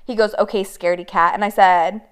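A woman's voice: medium pitch, fairly even intonation, fairly quick, clear, resonant tone. A woman in casual chat, telling a story animatedly, swearing and quoting messages.

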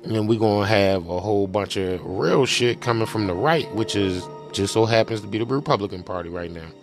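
A man's voice: fairly low pitch, a little fast, music in the background. Profane, slangy male show host. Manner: heavy slang, frequent cursing and "you know what I'm saying" tags. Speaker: host of a political commentary show. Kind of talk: casual profane rant.

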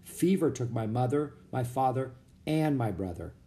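A man voicing a gentle young Pilgrim woman. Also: mid-range voice, lively intonation, moderate pace, lightly acted. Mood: sorrowful. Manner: old-fashioned formal speech.

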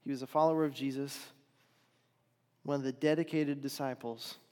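A man preaching a sermon, retelling a story with dramatic swings between loud and hushed delivery. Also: mid-range voice, steady tone, moderate pace, long reverb tail.

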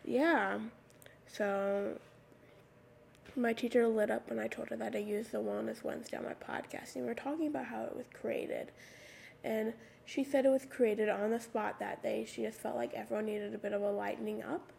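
Raspy teenage girl with a slight lisp. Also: on the high side, steady tone, normal speed, a little mellow, a little hiss or hum. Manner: rambling, lots of "like" fillers. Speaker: podcast host. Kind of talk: casual solo podcast talk. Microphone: USB microphone at a computer.

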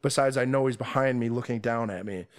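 A young man swapping stories on a podcast, his voice sitting in an ordinary middle pitch. He tells the tale casually and profanely, with plenty of energy. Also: fast talker. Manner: profane, animated storytelling with laughs. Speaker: podcast guest. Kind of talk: casual storytelling.

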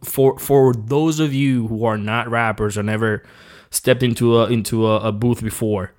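Profane, animated male podcast guest. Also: mid-range voice, normal speed. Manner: profane, animated storytelling with many restarts. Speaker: podcast guest, former rapper. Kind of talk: casual podcast chat. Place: small home recording room.

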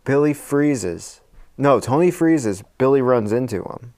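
Man, podcast co-host, animated, hammy, improvised storytelling. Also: medium pitch, unhurried.

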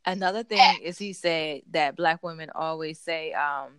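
A woman co-host chats casually on a podcast, spinning stories and playing out the lines people said to her. Her voice sits on the low side. The sound is dry and close. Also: moderate pace, clean tone, dry recording. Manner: animated storytelling, acts out quotes. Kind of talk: casual chat.

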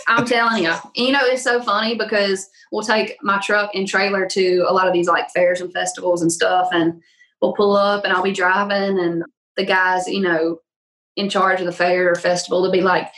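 Guest: young Southern woman with a thick Louisiana drawl, lively, laughing, casual podcast chat. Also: mid-range voice, normal speed, rough recording. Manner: laughs often, animated storytelling. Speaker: country singer-songwriter guest.

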